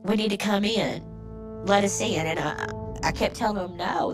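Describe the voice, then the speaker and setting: An older woman in a documentary interview, slowly and haltingly recounting events. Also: fairly high pitch, fairly even intonation, vocal fry, over music.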